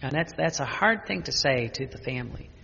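An older man, a priest, giving an unscripted spiritual talk with personal stories, speaking haltingly with many restarts and fillers. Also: mid-range voice, lively intonation, creaky, bright, forceful tone, husky, long reverb tail, highs cut off.

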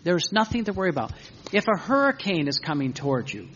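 Man, informal spiritual talk, rambling anecdotes, joking asides, raspy voice, muffled lo-fi room recording. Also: sits high, sing-song, fast, a bit bright. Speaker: religious group teacher. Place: room with a seated group. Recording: dull lo-fi recording.

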